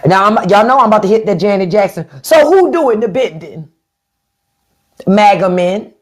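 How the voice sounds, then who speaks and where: A woman hosting a live stream in an unfiltered, profane and sarcastic rant, with features. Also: mid-range voice. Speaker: livestream host.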